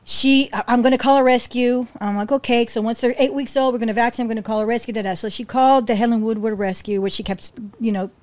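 This high-voiced woman, a rescue founder on a podcast, recounts her rescue stories with lots of animation. Her pitch leaps as she performs quoted lines, she restarts fast, and her emotion brings her near tears.

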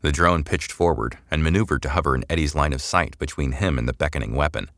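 A male narrator reading a sci-fi serial aloud with an extremely low, deep voice. His delivery is measured and descriptive. The recording is dry, with no room sound. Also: fairly bright tone, no echo. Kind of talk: scripted audiobook narration.

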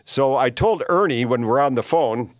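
A man's voice: medium pitch, animated, normal speed, no room sound, clean studio sound. An older man hosting a podcast, delivering a rambling, opinionated monologue full of "uh" fillers and emphatic rhetorical questions. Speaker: podcast host.

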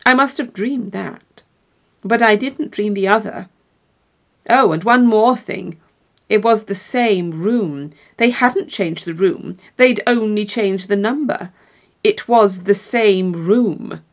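A woman reading as a dapper, sly gentleman storyteller. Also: mid-range voice, a little slow, lightly acted. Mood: grave telling. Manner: calm, grave, slightly sly delivery. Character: dapper, composed man telling a ghost story.

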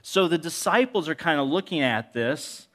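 A middle-aged male pastor preaching a sermon in a conversational, animated way, with frequent restarts. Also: a little high, moderate pace.

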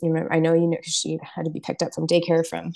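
A woman's voice: sits low, completely flat delivery, fast, gravelly, mellow. A woman in her thirties, a nurse practitioner speaking as a podcast guest, telling personal stories earnestly with frequent laughs. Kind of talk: candid conversational interview.

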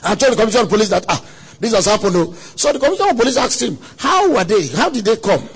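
High husky pastor preaching. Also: male voice, big pitch swings, racing. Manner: dramatic storytelling, acts out quoted voices, sudden shouts. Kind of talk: sermon. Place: conference hall.

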